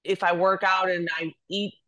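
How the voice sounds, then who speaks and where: A woman's voice: lowish voice, normal speed. Chatty woman guest telling stories. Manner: chatty storyteller, many restarts, animated. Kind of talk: casual chat.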